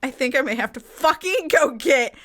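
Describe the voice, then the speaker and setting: Young woman streamer, bright high voice, swings wide, cursing at the game. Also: expressive, normal speed. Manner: swears and pleads at the game, laughing. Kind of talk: let's play commentary. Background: game music.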